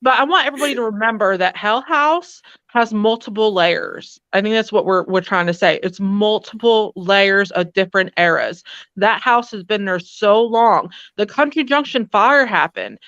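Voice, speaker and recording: A woman's voice: mid-range voice, normal speed, fairly bright tone, dry recording, dull audio. A woman paranormal investigator on a live stream, speaking earnestly and reflectively and stressing her points. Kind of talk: casual live-stream chat.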